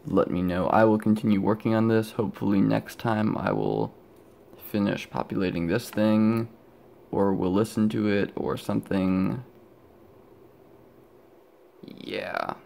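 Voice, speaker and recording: Rambling young man, low and gravelly. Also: measured pace, pauses often, a little mellow. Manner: rambling, self-interrupting, sleepy and yawning. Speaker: electronics hobbyist vlogger. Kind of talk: rambling casual show-and-tell.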